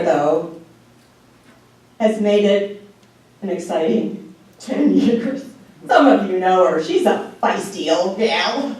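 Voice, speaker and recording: A woman in her sixties giving a humorous storytelling speech in an animated way, with drawn-out pauses and laughing asides. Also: mid-range voice. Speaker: speech contest speaker. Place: meeting hall. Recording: echoey hall from far off.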